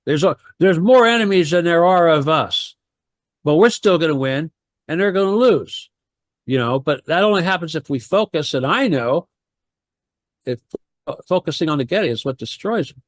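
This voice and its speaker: A man's voice: fairly high pitch, expressive, moderate pace, dry recording, clean studio sound. A man talking on a radio talk show, rambling and heated, firing off rhetorical questions.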